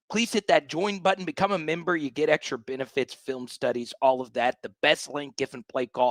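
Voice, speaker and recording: A man's voice: medium pitch, no room sound. Hyped-up man ranting as a fan show host. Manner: hyped, animated, repeats himself for emphasis. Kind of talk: fired-up livestream fan rant.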